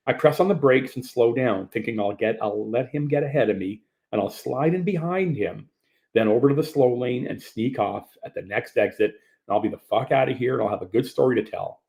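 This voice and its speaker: Guy reading his own story out loud, swears a lot, tense, middle pitch. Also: fairly quick, gravelly. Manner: tense, profane first-person storytelling. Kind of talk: audiobook memoir narration.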